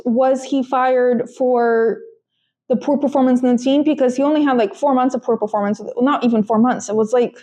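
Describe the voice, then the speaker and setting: A woman's voice: sits high, warm tone. A young woman co-hosting a podcast, talking casually with lots of fillers and restarts. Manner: chatty, frequent fillers and restarts. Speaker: podcast co-host. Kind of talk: casual chat.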